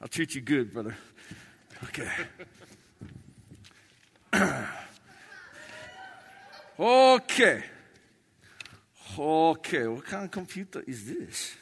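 Lively high-voiced comedian, echoey hall. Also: male voice, extremely slow, vocal fry, long pauses, breathy edge. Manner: clipped broken English with chanted shouted name lists. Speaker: stand-up comedian. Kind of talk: live stand-up with a broken-English stage persona. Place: stage in a large hall with an audience.

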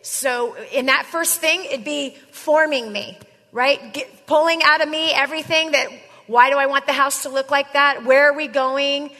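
A woman with a high, bright voice coaches a room on sales and drills each point with "right?" and "okay?". Her voice rings out with a long hall reverb, and she sounds like she is teaching in a large room before an audience. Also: fairly even intonation, normal speed. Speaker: sales trainer. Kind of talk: live sales coaching session.

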